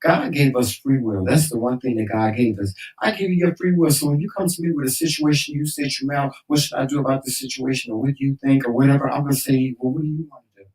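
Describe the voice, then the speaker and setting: A man's voice: medium pitch, fast, few pauses, darkish tone. A man co-hosting a casual chat show, talking in a chatty, sassy and preachy way. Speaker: co-host. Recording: roomy, distant from the mic.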